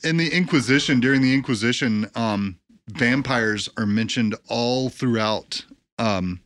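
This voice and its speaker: A man's voice: mid-range voice, unhurried, a bit bright, no room sound. An American man co-hosting a podcast, rambling through facts with lots of ums and hesitations. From United States. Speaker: podcast co-host. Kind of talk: casual podcast chat.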